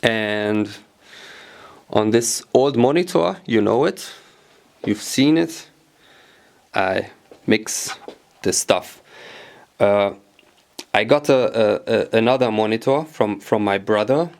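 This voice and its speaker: With a lowish, creaky voice, a man who grew up speaking German walks through his home studio setup casually. He hesitates a lot, using fillers and repeating himself while searching for words in English.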